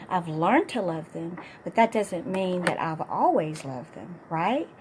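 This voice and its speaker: A middle-aged woman fitness coach with a hoarse, partly lost voice, giving an upbeat, encouraging motivational talk to her viewers. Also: fairly low pitch, animated, unhurried, a little mellow, slight background noise.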